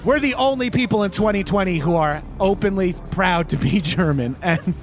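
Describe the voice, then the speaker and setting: A man's voice: high-pitched, animated, moderate pace, over music. An actor playing a blustering male terrorist boss who rambles off topic in a comedy audio play. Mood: rambling. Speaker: villain.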